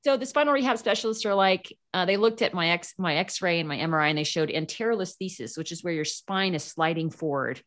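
Speaking briskly with few pauses, this woman has a fairly low voice. As a guest in a relaxed conversation, she recounts a personal story with lots of animation, plenty of fillers, and acted-out quotes.

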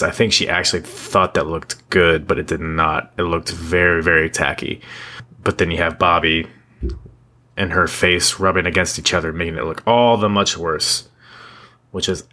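Low-voiced man ranting bluntly. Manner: blunt, profane, animated ranting with restarts. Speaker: podcast co-host. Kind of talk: casual opinionated chat.

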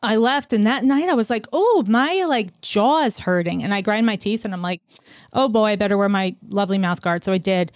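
Animated woman in her forties telling stories. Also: medium pitch, fast, no echo, studio quality. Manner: animated storyteller who acts out quotes. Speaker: podcast host. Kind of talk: casual chat.

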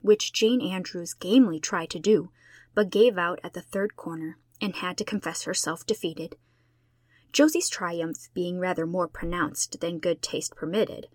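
A woman reading a classic novel aloud in a measured, expressive storybook narration. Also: fairly low pitch, no room sound. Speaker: audiobook reader.

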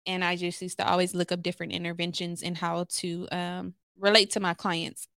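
A woman's voice: on the low side, little pitch movement, fairly quick, creaky, a bit bright, no echo, clean studio sound. A woman from Los Angeles, a therapist, telling candid stories as a podcast guest with many fillers. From Los Angeles, USA. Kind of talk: podcast conversation.

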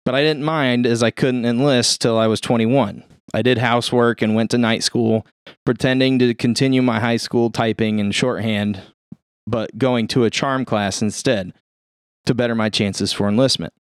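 A man reading a first-person story aloud in a steady, plain-spoken way. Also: mid-range voice, normal speed, smooth, no room sound, clean studio sound. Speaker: reader.

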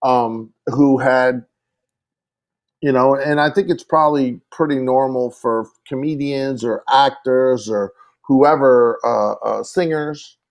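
A man co-hosting a podcast, chatting casually in an excitable, rambling way that is full of restarts. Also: medium pitch, slow pace. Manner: rambling, excitable, laughs often, many restarts. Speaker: podcast co-host. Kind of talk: casual chat.

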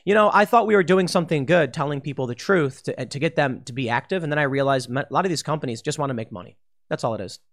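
A man with a slightly high voice talks straight to camera in a loose political monologue. He sounds restless, circling back over his words and restarting sentences as his thoughts run ahead. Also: quick pace. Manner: restless, repeats and restarts phrases, mocking impressions. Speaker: political commentator.

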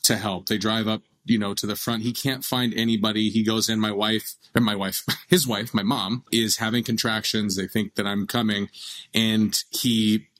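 La guy in his 30s, kinda low voice, rambly animated storyteller on a podcast. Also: moderate pace, low-quality recording. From Los Angeles. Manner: animated, laughing storyteller with many restarts. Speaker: actor guest. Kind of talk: casual interview storytelling.

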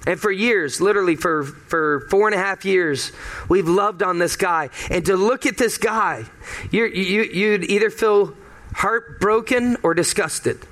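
A man preaching with a high voice for a man, talking to his congregation in a loose, conversational way. He hammers points home by repeating them, building emphasis phrase by phrase. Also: a little slow, a bit bright. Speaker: pastor. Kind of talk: sermon.

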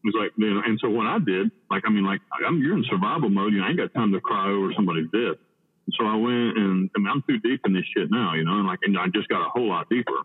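A man from the United States telling a story in blunt, profane talk, halting with many restarts. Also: fairly low pitch, slightly rough. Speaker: podcast guest. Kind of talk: casual storytelling. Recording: tinny phone-like line with long reverb.

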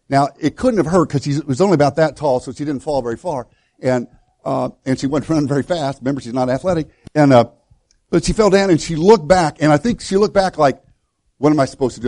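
A male pastor preaching a sermon in a folksy, storytelling way, with many halting restarts. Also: fairly high pitch, darkish tone. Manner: storytelling, folksy and self-deprecating.

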